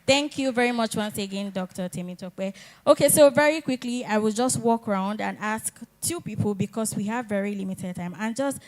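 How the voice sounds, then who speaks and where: A woman's voice: mid-range voice, moderate pace, hardly any pauses. A woman hosting an event, rallying the audience. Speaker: event host.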